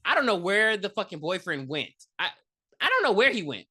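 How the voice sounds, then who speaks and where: A woman's voice: medium pitch, fairly quick, husky. A woman co-hosting a podcast, casually and profanely recapping a horror movie and acting out its characters. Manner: profane, animated, acts out characters in her retelling. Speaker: podcast co-host.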